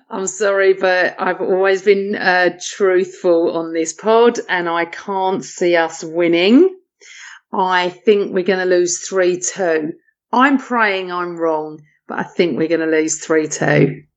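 A woman's voice: medium pitch, lo-fi sound. A woman co-host giving a candid, slightly apologetic prediction in a recorded voice message. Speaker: podcast co-host.

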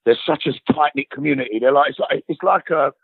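A man's voice: fairly high pitch, fast talker, gravelly, husky, dry recording, narrow, tinny audio. A man with a South East London accent, telling stories in casual chat as a guest, swearing freely and calling people mate.

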